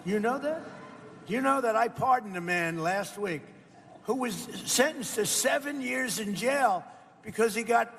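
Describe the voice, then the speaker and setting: An older man speaks off the cuff into a podium mic in a big reverberant hall. His voice sits high for a man and has a gravelly edge. He rambles, boasts and keeps asking the audience questions, over a faint hum of room ambience. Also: measured pace, fairly bright tone. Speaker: political speaker. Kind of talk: off-the-cuff campaign-style speech.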